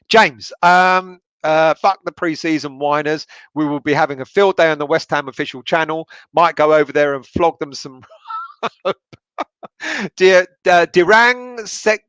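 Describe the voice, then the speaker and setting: A man's voice: fairly high pitch, a little slow, a bit bright, dry recording. A man hosting a football livestream, reading out viewer comments with sweary banter and frequent laughter. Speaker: football channel livestream host.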